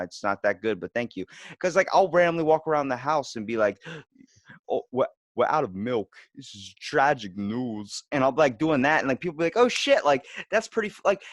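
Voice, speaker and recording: Rambling, profane comedian guest. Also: male voice, medium pitch, dry recording, clean studio sound. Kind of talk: casual chat.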